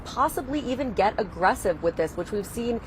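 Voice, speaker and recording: A woman correspondent giving a steady live news report. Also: on the high side, fairly quick, slight background noise, poor audio.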